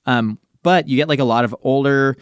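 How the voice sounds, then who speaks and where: Smooth-voiced man chatting on a podcast. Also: medium pitch, brisk, no room sound, clean studio sound. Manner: rambling, explanatory, filler-heavy. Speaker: podcast co-host. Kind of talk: casual podcast chat.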